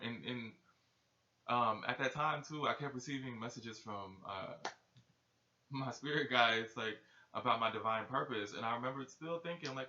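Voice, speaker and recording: Male spiritual vlogger, laid-back slangy delivery, bright tone, dull lo-fi recording. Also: mid-range voice, expressive, normal speed, pauses often. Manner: loose, profane, slangy storytelling. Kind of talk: casual talking-head vlog. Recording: echoey room, dull lo-fi sound.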